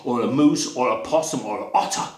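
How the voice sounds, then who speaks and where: A man's voice: mid-range voice, brisk, reverberant, voice pushed down, natural voice. A man voicing a fussy, restless young bunny who complains about everything he tries. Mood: complaining. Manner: complaining, fretful.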